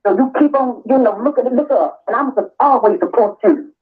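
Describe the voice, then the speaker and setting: A woman's voice: a little high, a little fast, husky, faint music behind. An older woman calling in, talking about God and prayer in a preachy, encouraging way. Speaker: caller. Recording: tinny phone line.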